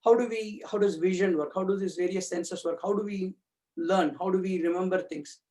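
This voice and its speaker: A man's voice: high voice, steady tone, normal speed, warm tone. A man giving a thoughtful personal talk about his spiritual reading, searching for words with frequent fillers and restarts. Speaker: community speaker.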